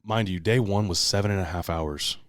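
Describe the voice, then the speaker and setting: A man hosting a casual podcast, telling a competition story with lots of swearing, and loudly acting out what he shouted. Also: sits low, brisk, dry recording, clean studio sound. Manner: animated storyteller, swears a lot, shouts out quoted lines. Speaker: podcast host. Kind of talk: casual chat.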